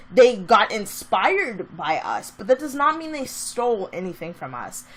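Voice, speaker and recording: A woman vlogger telling a story in a casual, chatty way that turns into a heated rant. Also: medium pitch.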